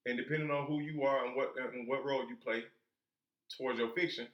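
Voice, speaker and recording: A man's voice: mid-range voice, steady tone, brisk, dull audio. Emphatic man teaching in an echoey room. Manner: emphatic, asks rhetorical questions and answers them; colloquial. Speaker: instructor. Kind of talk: informal teaching talk.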